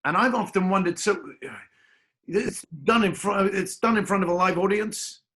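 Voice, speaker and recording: A man's voice: sits high, fairly even intonation, moderate pace, bright, forceful tone. A man hosting a casual interview on a video call, with florid, theatrical phrasing. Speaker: host. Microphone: video call microphone.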